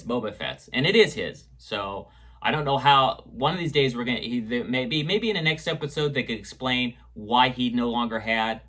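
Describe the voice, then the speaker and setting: A man's voice: mid-range voice, pushed and bright. A man reviewing an episode in casual chat, rambling with fillers and restarts as he retells scenes. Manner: retells scenes and echoes quotes. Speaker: show reviewer.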